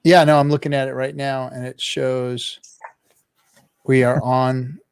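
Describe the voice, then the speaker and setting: A man hosting a casual live-stream chat show, talking in a rambling, halting way with many restarts. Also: medium pitch, level tone, gravelly, smooth, no room sound, clean studio sound. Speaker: podcast host.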